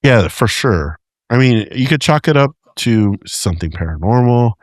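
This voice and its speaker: A male podcast co-host rambles through casual chat, often restarting, correcting himself and joking. His mid-range voice has lively intonation at normal speed. The recording is dry and studio quality.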